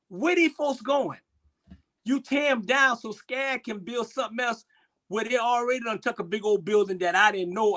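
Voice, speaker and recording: A man on a casual live-stream talk show, emotional and impassioned, his voice swinging between loud and soft. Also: sits high.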